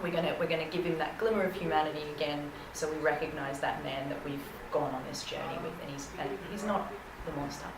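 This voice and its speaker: A woman's voice: low voice, steady tone, fast, hardly any pauses. A woman film director answering interview questions in an earnest, reflective way. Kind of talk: casual interview. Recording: echoey room with background noise.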